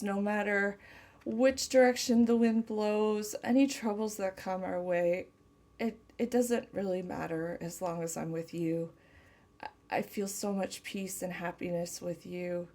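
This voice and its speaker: A woman tarot reader speaking a channeled message slowly and tenderly, close to tears. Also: medium pitch, a little mellow. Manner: slow, tender, emotional. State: tearful.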